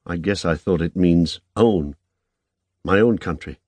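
A man reading the lines of a wary, self-conscious young woman in a soft, reluctant, hushed way. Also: low voice, unhurried, husky, no echo.

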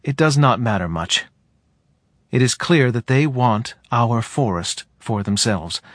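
A man voicing a soft-spoken male forest being who talks in a quiet, hesitant, almost drowsy way. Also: medium pitch, lively intonation, measured pace, no echo, studio quality. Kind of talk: audiobook character voice.

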